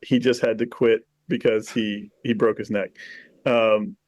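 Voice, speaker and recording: A man co-hosting a casual podcast chat, telling stories with animated energy, swearing freely and laughing as he goes. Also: lowish voice, unhurried, dry recording, dull audio. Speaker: podcast co-host.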